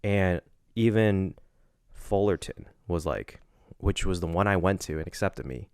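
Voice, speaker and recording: A young man with a very low voice talks in a casual podcast chat. He tells his story earnestly, stopping and restarting often, and the mic is close and dry. There is no room sound around him. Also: smooth, no echo. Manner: halting, emotional storytelling with many restarts. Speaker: podcast co-host.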